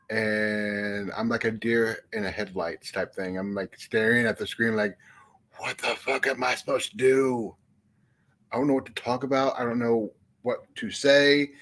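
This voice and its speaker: A young man hosting a casual live chat, rambling and cursing, self-deprecating about being unsure what to do. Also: fairly low pitch. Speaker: livestream host. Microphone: phone or headset mic.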